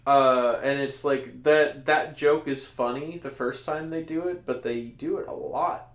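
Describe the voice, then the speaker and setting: A man co-hosting a casual podcast, reviewing a movie in a rambling, animated way and laughing often. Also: mid-range voice, unhurried, roomy sound. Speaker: podcast co-host.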